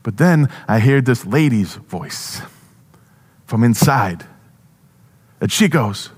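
A male pastor giving a first-person storytelling sermon, animated with halting restarts. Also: medium pitch, breathy edge.

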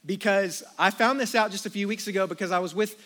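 A man in his thirties from the United States preaching a sermon, telling stories with animated, acted-out outbursts. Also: high voice, fast talker. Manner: storytelling, animated, acts out his own outbursts. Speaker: pastor. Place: church auditorium with congregation.

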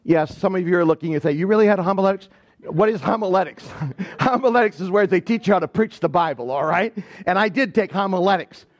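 Man, pastor, from Michigan, high voice, animated storytelling sermon, church. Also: fairly quick. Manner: storytelling, animated and conversational with congregation. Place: church sanctuary.

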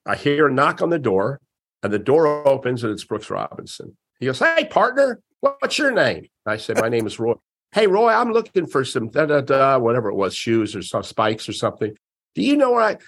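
Husky older man telling stories. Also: mid-range voice. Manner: animated storyteller, acts out quoted voices. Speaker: podcast guest, sportscaster. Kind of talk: storytelling interview.

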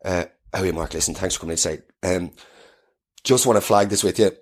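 Hushed, deep-voiced HR manager, put on by an Irish man: polite and evasive. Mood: placating. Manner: soft, measured corporate tone with hesitant fillers. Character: low-voiced male office HR manager, smoothly apologetic.

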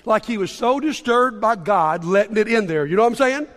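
A male pastor with a strikingly high voice preaches to his congregation in a conversational way, dropping joking asides between readings. His words ring out with a long reverb from the church auditorium around him. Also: animated, brisk, a bit bright. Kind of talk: sermon.

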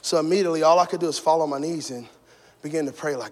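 A man preaching a sermon in a church, moving between shouted passionate peaks and hushed personal storytelling. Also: fairly high pitch, racing, long reverb tail. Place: church sanctuary.

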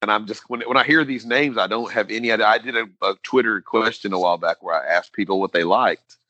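A man's voice: lowish voice, quick pace, sharp tone, dry recording, dull audio. A man hosting a casual interview, curious and laughing easily as he asks his guest questions.

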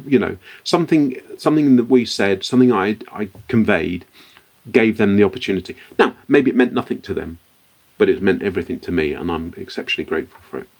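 Brief: middle-aged British man, low voice, reflective guest storyteller who restarts his sentences. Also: lively intonation, quick pace, vocal fry, darkish tone. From Britain. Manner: reflective, frequent restarts and repeated words. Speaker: guest, company founder. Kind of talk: podcast interview storytelling.

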